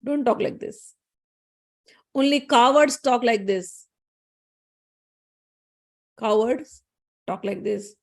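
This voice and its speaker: A woman's voice: fairly high pitch, slow pace, vocal fry, pauses often, full character voice. A woman voicing a loving but stern mother goddess who scolds and rouses her son. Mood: scolding, rousing. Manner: scolding, rousing exhortation.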